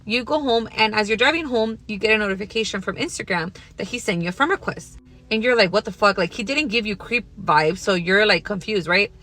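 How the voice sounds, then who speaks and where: A woman's voice: mid-range voice, a little fast, sharp tone. A young woman telling a casual workplace storytime in a blunt, profane, second-person way.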